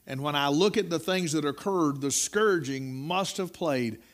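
A middle-aged man preaching a sermon, telling a folksy, dramatic story that rises to loud peaks. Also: a little high, a little slow.

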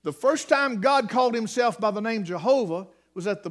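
A man preaching a sermon, swinging between hushed near-whispers and shouted emphasis. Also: high voice, animated, normal speed.

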